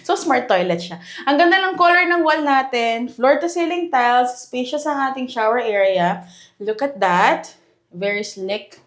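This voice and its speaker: A woman with a Filipino accent hosting a walkthrough house tour, chatty and enthusiastic, mixing English and Filipino. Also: a little high. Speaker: real estate house tour host. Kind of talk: casual walkthrough tour commentary. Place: inside a house, walking room to room.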